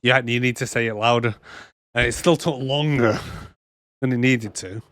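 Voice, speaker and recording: A man's voice: mid-range voice, moderate pace, fairly bright tone, dry recording, studio quality. A man co-hosting a film podcast, casual and joking, acting out scenes in silly voices. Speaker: podcast co-host. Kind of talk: casual film review chat. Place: home office.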